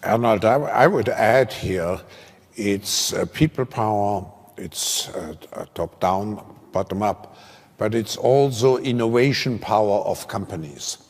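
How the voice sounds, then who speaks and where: Man, panel moderator, halting questions, husky voice, hall echo. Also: lowish voice. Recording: reverberant hall.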